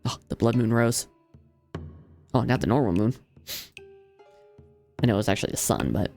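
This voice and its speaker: A playful streamer talks through a horror game in a mid-pitched voice, reading the on-screen text aloud. The banter is jokey and bursts into loud shouting now and then. Faint game music plays underneath. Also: animated, normal speed, vocal fry, long pauses.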